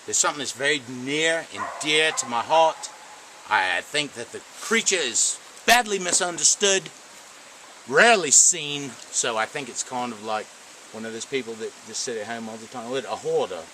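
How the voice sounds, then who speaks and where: A man's voice: mid-range voice, expressive, normal speed, pushed and bright, a little hiss or hum, low-quality recording. A man playing a pompous, touchy self-styled male Sasquatch expert in an improvised comedy, recorded outdoors on a camera mic. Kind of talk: improvised comedy role-play. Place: outdoors in the woods.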